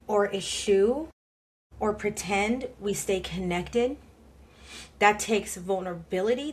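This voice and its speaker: A woman co-hosting a podcast who speaks in an earnest, impassioned way. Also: mid-range voice. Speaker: podcast co-host. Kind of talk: podcast discussion.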